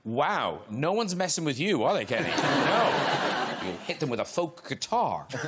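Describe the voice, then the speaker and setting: High, lively Irish man hosting a chat show. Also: very noisy. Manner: teasing, quick jokes and big announcements. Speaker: talk show host. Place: television studio with live audience. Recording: loud audience and music behind. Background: loud studio audience laughter and music.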